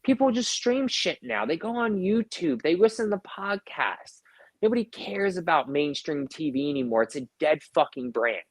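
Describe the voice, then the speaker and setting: A man in his thirties rambles through stories on a podcast, swearing freely and leaning hard on fillers. His voice sits a little high for a man. The sound is dry and close, with no room around it. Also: very animated, moderate pace, no echo. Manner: profane, rambling storyteller full of fillers. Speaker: podcast co-host. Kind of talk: casual chat.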